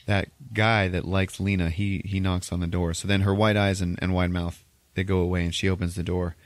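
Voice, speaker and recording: A man's voice: low voice, level tone. A man casually retelling a film's plot on a podcast, swearing freely and laughing as he briefly acts out the characters' lines. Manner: profane, laughing, acts out characters in quick bits. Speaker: podcast host. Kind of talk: casual movie recap.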